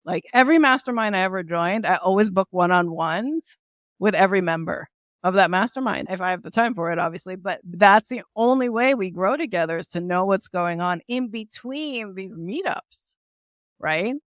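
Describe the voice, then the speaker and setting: A woman guest on a podcast, talking in an upbeat, energetic way with lots of asides like "right?" and "like". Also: mid-range voice, normal speed, no echo, clean studio sound. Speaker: guest entrepreneur. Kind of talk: casual podcast interview.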